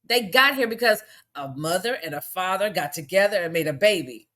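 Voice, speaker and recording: A woman's voice: fairly low pitch, expressive, brisk, sharp tone. A woman delivering an angry, profane rant on a livestream, firing off rhetorical questions. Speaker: commentator. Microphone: phone.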